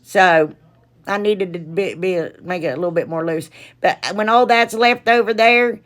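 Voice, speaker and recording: A woman with a slightly low voice talks her viewers through a craft project in a loose, rambling way. She chats straight to the camera as she works and unboxes. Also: normal speed, fairly bright tone. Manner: chatty and rambling, addresses viewers directly. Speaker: craft vlogger. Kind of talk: casual tutorial and unboxing chat.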